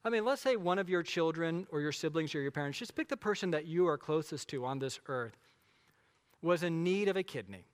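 A man's voice: on the high side, expressive, a little fast, smooth, in a large hall. A man preaching a sermon as pastor, conversational and emphatic, asking the congregation rhetorical questions.

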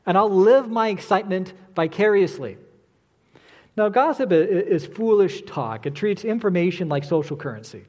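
A middle-aged man preaching with a slightly high voice that carries a long hall reverb. He talks in an animated way and slips into the voices of the people he describes. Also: normal speed. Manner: animated, acts out quoted voices. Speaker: pastor. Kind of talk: sermon.

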